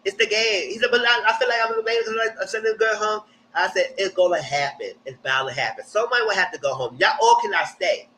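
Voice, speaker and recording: A young man, hosting a live reality TV recap in casual commentary with animated, exaggerated re-enactments. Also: high voice, fast talker, hardly any pauses, slight background noise, rough recording.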